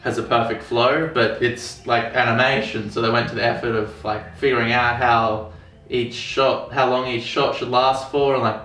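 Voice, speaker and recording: A man's voice: medium pitch, level tone, normal speed, sharp tone. A man co-hosting a podcast, talking casually about a film with lots of fillers and restarts. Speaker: podcast co-host. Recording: roomy, distant mic with faint music.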